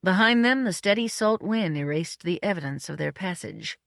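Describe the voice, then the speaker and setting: An audiobook narrator reading a novella in a brisk, even storytelling manner. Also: medium pitch, creaky, no room sound, clean studio sound. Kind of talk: scripted narration.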